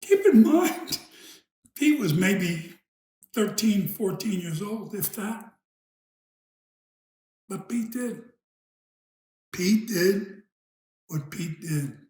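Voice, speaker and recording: A man with a New York accent, telling an old family story in a casual, unhurried way, pausing and trailing off into asides. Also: high-pitched, a little mellow. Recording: echoey room.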